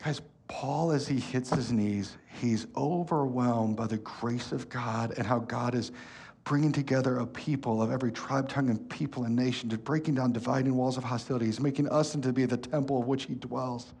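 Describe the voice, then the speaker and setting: A man, preaching a sermon as pastor, telling stories with lively energy and turning soft and slow when earnest. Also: medium pitch, gravelly, husky. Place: church hall.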